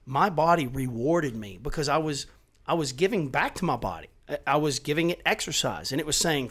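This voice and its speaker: Profane, animated middle-aged man. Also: a little high, brisk. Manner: animated and profane, swears often, voice rising as he gets worked up. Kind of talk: casual chat.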